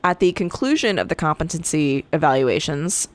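A woman with a lowish voice tells a true crime story on a podcast. She reads through the case notes at an easy conversational clip and drops in blunt, swearing asides. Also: moderate pace. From Connecticut. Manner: casual, profane, animated asides while reading case notes. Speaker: podcast co-host.

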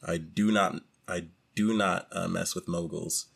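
A man's voice: low-pitched, fairly even intonation, unhurried, gravelly, a bit bright, breathy edge. A man co-hosting a casual podcast chat, joking with blunt, slangy humor. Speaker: podcast co-host.

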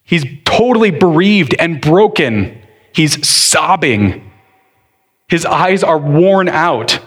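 A man pastor preaching a sermon earnestly, leaning hard on key words and then rushing through others. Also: a little high, expressive, a bit bright, breathy edge. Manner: earnest preaching, shifting between slow deliberate stress and quick bursts.

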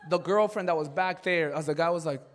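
A male pastor telling a personal story in a sermon. He talks in an animated way full of "like" and repetition, and drops to a hushed, earnest tone for serious points. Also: fairly high pitch, brisk, in a large hall. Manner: animated, excitable storytelling with many "like" fillers.

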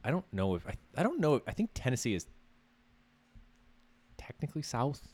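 A man's voice: medium pitch, huge pitch swings, normal speed, a little mellow. A man co-hosting a podcast in casual chat, laid-back and rambling, laughing often. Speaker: podcast co-host.

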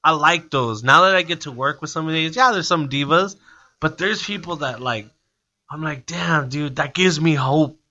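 Bright-voiced man telling animated stories. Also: fairly high pitch, normal speed, highs cut off. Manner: animated storyteller, acts out quotes. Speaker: guest comedian and DJ. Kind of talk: casual chat.

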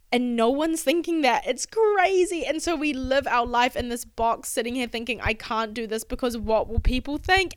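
Alone on her motivational podcast, a woman delivers an impassioned, profanity-laced rant in fast bursts. Her voice is a little high, clear and resonant, captured at studio quality with no room sound.

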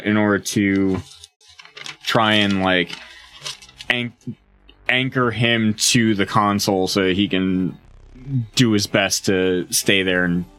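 A man with a lowish voice talks very slowly as a tabletop player. He hesitates often, filling gaps with "uh" and "like", with soft music in the background. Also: smooth, no room sound. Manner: hesitant, full of fillers. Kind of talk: casual tabletop play.

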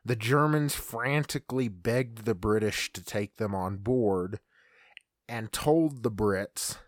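A man's voice: fairly low pitch, slow, no echo, clean studio sound. A man co-hosting a podcast, casually retelling creepy history stories with fillers and stumbles. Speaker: podcast co-host. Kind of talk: casual storytelling chat.

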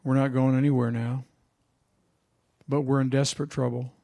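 A man's voice: mid-range voice, level tone, moderate pace, gravelly, dark tone. A man preaching a sermon as pastor, telling a story in a conversational way and asking the congregation questions.

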